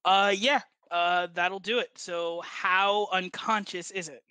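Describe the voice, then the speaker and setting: A game master narrating a tabletop game in a relaxed, rambling manner, full of ums and quick restarts. The voice is bright and sits close to the mic, and the recording is dry. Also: mid-range voice, smooth, dry recording. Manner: loose, hesitant narration with fillers and laughs.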